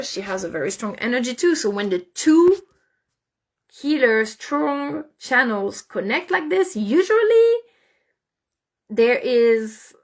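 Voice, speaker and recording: A woman telling a story in casual talk, animated, often repeating and restarting words. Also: a little high.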